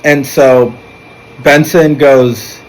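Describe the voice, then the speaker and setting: A man's voice: medium pitch, drawn-out words, low-quality recording. A man recapping a film's plot in a casual, rambling way, with fillers and restarts. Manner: rambling storytelling, animated when quoting characters. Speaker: movie reviewer.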